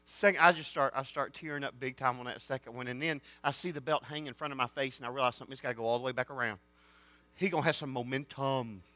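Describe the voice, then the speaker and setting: A man preaching a sermon, swinging between loud declarations and hushed storytelling. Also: mid-range voice, steady tone, fast talker, dry recording, faint music behind. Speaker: pastor.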